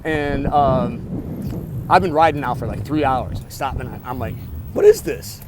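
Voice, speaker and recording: A man's voice: mid-range voice, unhurried. A man telling a rambling, profane story to his camera during a bike ride in the city, full of restarts and self-talk. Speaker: vlogger. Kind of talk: casual storytelling vlog. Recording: outdoor city noise behind.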